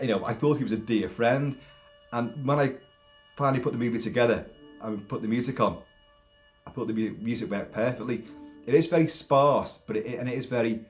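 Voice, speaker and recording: A man talking casually about a film, rambling in an animated way with many restarts and put-on voices. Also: mid-range voice. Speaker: film commentator.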